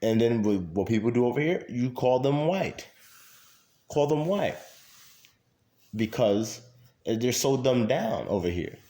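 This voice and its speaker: A man's voice: medium pitch, expressive, moderate pace, dark tone. A man in a casual monologue to camera, talking emphatically with many fillers and repeating his points. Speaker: vlogger. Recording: echoey room.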